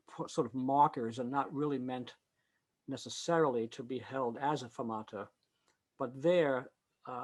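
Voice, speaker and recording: An older man giving an informal online lecture on choral conducting. He thinks aloud with fillers and self-corrections, and now and then sings a short example. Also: mid-range voice. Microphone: video call.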